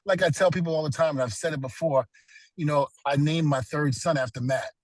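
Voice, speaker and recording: A man's voice: fairly high pitch, brisk, no room sound, low-quality recording. A middle-aged man, a retired pro wrestler, telling earnest stories as a guest in a casual interview, with many "you know"s.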